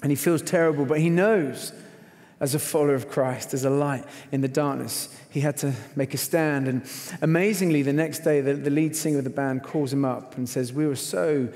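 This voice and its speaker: Animated man preaching in a big hall. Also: fairly high pitch, moderate pace. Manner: animated storyteller, acts out quotes with shouts. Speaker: conference speaker. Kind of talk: sermon with a told story. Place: large performing arts hall. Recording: long hall reverb.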